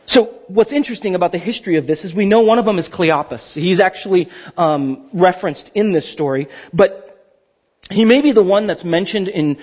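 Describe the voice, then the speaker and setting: A man preaching a sermon as pastor, animated and chatty, often repeating words as he thinks. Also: sits high, slightly rough, dull audio.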